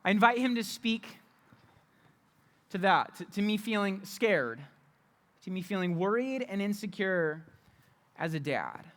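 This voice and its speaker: A man's voice: sits high, animated, measured pace, long pauses, a bit bright. A young adult man preaching a candid, conversational sermon as a youth pastor, often repeating and restarting his phrases.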